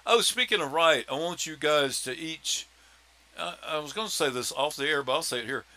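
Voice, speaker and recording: A man's voice: on the high side, animated, normal speed, sharp tone. A man hosting a podcast, chatting casually and joking with his co-hosts. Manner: joking, rambling, sign-off style. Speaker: podcast host. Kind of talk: casual chat.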